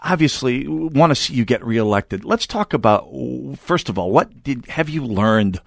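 Chatty talk radio host. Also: male voice, medium pitch, animated, moderate pace, no echo, studio quality. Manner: chatty, joking, many uh fillers. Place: radio studio.

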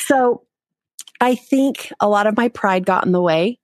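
A woman's voice: medium pitch, measured pace. A woman speaking as a podcast guest, telling a personal story frankly, mocking herself and laughing often. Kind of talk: candid interview storytelling.

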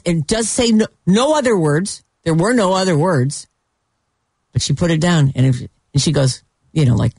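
A woman co-hosting a radio show, telling stories in animated casual banter with frequent laughs. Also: sits low, husky, dry recording, studio quality. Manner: animated storyteller, laughs often.

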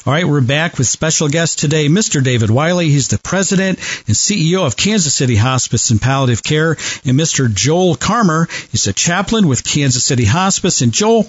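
A man's voice: a little high, lively intonation, fairly quick, hardly any pauses, breathy edge, no room sound. Male talk show host, friendly and rambling, lots of "uh", dry and muffled audio. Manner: friendly, rambling questions with many fillers. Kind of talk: hosting a talk show interview. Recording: dry, dull lo-fi broadcast audio.

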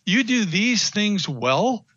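A bright, forceful man in a radio interview, taking on little voices as he tells a story. The sound is dull and dry. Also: high voice, takes it slowly, no echo. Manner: animated storytelling, acts out quotes. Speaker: guest consultant.

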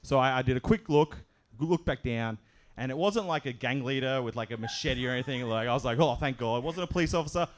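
A man telling a comic story at a live show, animated and often laughing as he acts out other voices. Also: medium pitch, fast talker.

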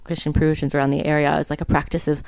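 A woman's voice: low-pitched, level tone, rapid-fire, vocal fry, darkish tone, dry recording. A young woman in her twenties co-hosting a casual podcast, telling a story in a chatty way with lots of fillers. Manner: chatty, many fillers, laughs easily. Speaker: podcast co-host.

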